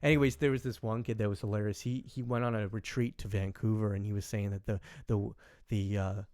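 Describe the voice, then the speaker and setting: A young man from Canada telling a story in casual podcast chat, rambling with many fillers and animated quoting. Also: lowish voice, fairly quick, no echo, clean studio sound. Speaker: podcast host.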